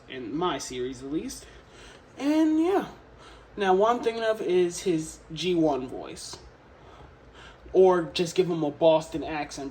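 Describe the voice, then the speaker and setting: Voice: medium pitch, a little mellow, a little hiss or hum, rough recording. A host explaining roles for a casting call in a casual, rambling way, often hesitating and restarting sentences.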